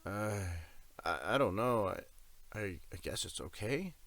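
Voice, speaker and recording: A man's voice: fairly low pitch, animated, moderate pace, voice pushed up, natural voice. A man voicing a frightened young man who stammers in a shaky voice, in an audiobook. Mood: shaken.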